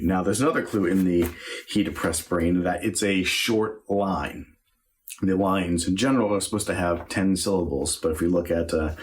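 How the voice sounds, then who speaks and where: A man's voice: low voice, moderate pace, a little hiss or hum. A man acting teacher explaining Shakespeare verse line by line, thinking aloud with fillers.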